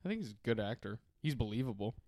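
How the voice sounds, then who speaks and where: Dude cohosting a podcast, jokey, swears a lot, laughs a ton, dry sound, no room. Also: male voice, mid-range voice, animated, quick pace, mellow, no echo. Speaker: podcast co-host. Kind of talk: casual chat.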